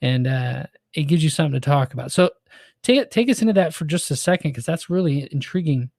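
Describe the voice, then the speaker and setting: A man's voice: on the high side, lively intonation, fairly quick, a little mellow, no room sound, clean studio sound. A man hosting a podcast, chatting loosely in a casual interview and leaning on fillers like "you know". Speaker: podcast host.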